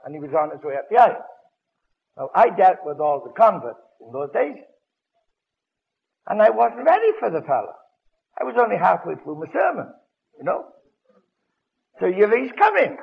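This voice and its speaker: Gravelly older preacher on old radio. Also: male voice, sits high, very animated, moderate pace, long pauses, dull audio. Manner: dramatic storytelling with sudden loud bursts. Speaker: evangelist preacher. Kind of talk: radio broadcast sermon.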